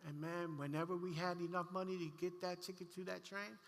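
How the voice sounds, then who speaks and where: A man preaching a sermon, telling a heartfelt personal story with animated delivery and frequent restarts. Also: high-pitched, fairly quick, creaky. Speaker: pastor. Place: church sanctuary. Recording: long church hall reverb.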